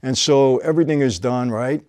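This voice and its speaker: A man, hosting and telling a personal story in casual conversation, often dropping to a low quiet voice at the tense moments. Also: moderate pace, no echo.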